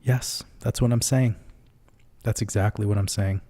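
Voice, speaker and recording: A man's voice: lowish voice, fairly even intonation, moderate pace, dark tone, slightly rough. A man hosting a casual livestream, reading out viewer comments in a loose, profane way and laughing often. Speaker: livestream host.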